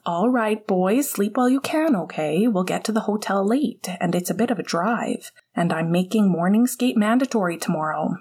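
A woman voicing an adult male hockey coach who calls a team to attention in a loud, rallying way. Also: mid-range voice, lively intonation, moderate pace, hardly any pauses, breathy edge.

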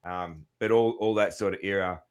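A man hosting a podcast, chatting with his guest in an easygoing, halting way. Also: low-pitched, clean tone. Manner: easygoing, friendly, halting with fillers. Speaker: podcast host. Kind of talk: casual interview chat.

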